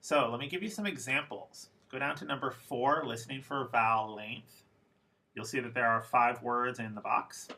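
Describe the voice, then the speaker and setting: A young man talks through a recorded lesson for his class, pausing to repeat example words slowly and deliberately. His voice is mid-pitched and bright. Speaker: English teacher.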